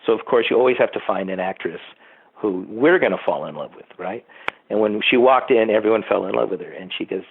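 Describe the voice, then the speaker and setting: A man's voice: on the low side, brisk, gravelly, a little hiss or hum. Older man telling stories over a phone line. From Southern California. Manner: rambling storyteller who acts out quotes. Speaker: producer and writer, interview guest. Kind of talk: casual anecdotal interview. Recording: tinny phone line, dry.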